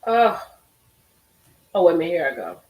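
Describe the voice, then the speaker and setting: A woman's voice: lowish voice, huge pitch swings, moderate pace, a little mellow. A woman hosting a casual live stream, reacting expressively and talking straight to her chat. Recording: roomy echo.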